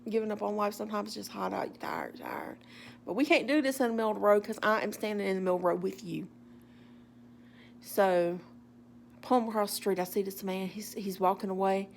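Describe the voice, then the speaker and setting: A woman telling a story in a casual, animated way with wry humor. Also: medium pitch, fairly quick, creaky, slight background noise.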